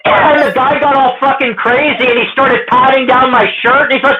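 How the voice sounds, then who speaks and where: A man's voice: very high voice, fairly even intonation, normal speed. A man from Canada telling rambling, profane stories in casual chat and acting out other people's lines. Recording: muffled lo-fi audio.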